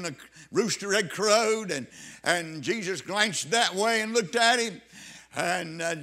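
A man's voice: sits high, pushed and bright. A man preaching a fervent sermon, repeating phrases and calling out hallelujahs.

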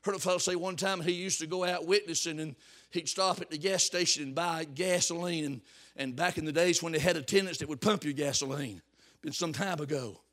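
A man preaching a fiery revival sermon, swinging from hushed tones to shouts and repeating words for emphasis. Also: on the high side, brisk.

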